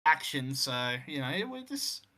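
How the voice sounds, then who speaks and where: A man's voice: mid-range voice, a little slow. A man co-hosting a casual wrestling game commentary with lots of fillers. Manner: animated, filler-heavy chat. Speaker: co-host.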